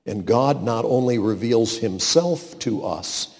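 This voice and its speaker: A man preaching a sermon, swinging between booming emphasis and hushed asides and acting out the voices he quotes. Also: takes it slowly, big-room sound.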